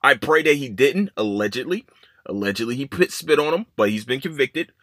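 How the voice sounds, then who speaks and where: A man hosting a podcast, ranting heatedly and with plenty of profanity, swinging between loud outbursts and muttered asides. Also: medium pitch, animated, fairly quick, no room sound, studio quality. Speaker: podcast host. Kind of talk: casual opinion rant.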